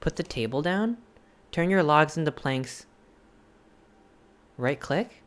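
Excitable streamer with a wildly swinging pitch. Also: slow. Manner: excitable, gasping and exclaiming at discoveries; thinks aloud with hesitant questions and restarts. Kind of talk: casual live gameplay stream, chatting with viewers.

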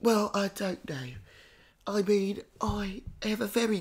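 A woman hosting a comedy podcast, playing a psychic with theatrical calls and hushed whispers. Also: medium pitch, fairly even intonation, takes it slowly, breathy edge. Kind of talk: improvised comedy psychic reading.

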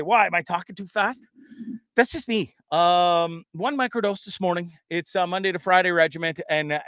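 A man from Canada hosting a live talk show in a rambling, chatty way, cursing now and then. His voice sits a little high for a man. The sound is dry and close, with no room around it. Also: a bit bright, no echo. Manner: rambling, chatty, swears freely. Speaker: podcast host. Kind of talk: casual live show monologue.

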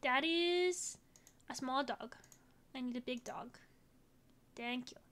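Bubbly and chatty, this woman plays a game on her YouTube channel and keeps up casual commentary, addressing the game and her dogs alike. She speaks at a measured pace in a level tone, her voice a little high and a bit bright.

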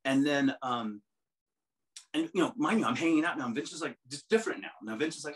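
A man's voice: medium pitch, fast talker, low-quality recording. A middle-aged man telling long, rambling stories as an interview guest, with many restarts, often mimicking other people's voices. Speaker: musician guest. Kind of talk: casual storytelling interview.

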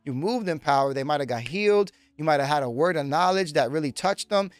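A man's voice: fairly high pitch, lively intonation, a little fast, hardly any pauses, clear, resonant tone, dry recording. A man, a pastor teaching in an emphatic sermon style who repeats his points and speaks straight to his listeners. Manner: emphatic, repetitive, direct address to listeners.

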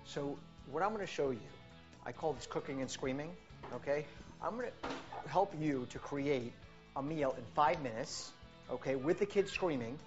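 Low-voiced woman doing an upbeat kitchen cooking demo, lots of "okay?", dull lo-fi sound with music under it. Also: animated, normal speed. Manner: upbeat, keeps checking in with "okay?". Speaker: nutrition coach. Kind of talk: cooking demonstration.

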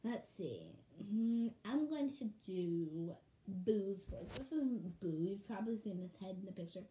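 A woman vlogging in casual chat to camera at home, bubbly and rambling, and quick to shout with excitement. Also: mid-range voice. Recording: echoey room, faint hum.

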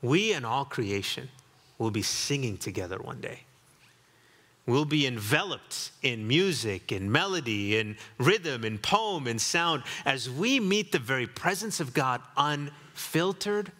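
A man's voice: medium pitch, lively intonation, measured pace, bright, forceful tone, long reverb tail. A man preaching a sermon as pastor, reflective and building to emphatic repetition, in a church sanctuary.

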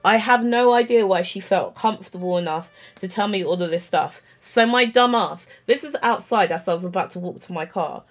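A woman's voice: mid-range voice, fairly quick, hardly any pauses. Chatty woman telling a story. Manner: animated, self-mocking storytelling full of "like" and quoted dialogue. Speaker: vlogger. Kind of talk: casual storytime chat.

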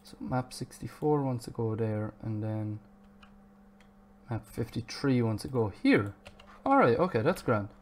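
Slow-talking man streaming a game. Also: medium pitch, very animated, a little hiss or hum. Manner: chatty, self-mocking, swears at the game. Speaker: gaming streamer. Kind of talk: live gameplay commentary.

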